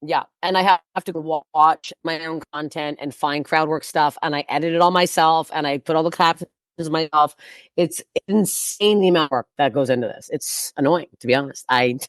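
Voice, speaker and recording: A woman's voice: deep voice, no echo, clean studio sound. A woman comedian talking bluntly and profanely in a casual podcast chat, rambling with frequent restarts. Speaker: guest comedian.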